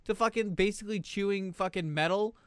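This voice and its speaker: A high-voiced man argues loudly in casual banter with friends. He is brash and profane, dropping curses into nearly every sentence. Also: brisk, smooth, no echo. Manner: brash, swears constantly, argumentative. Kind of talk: casual chat.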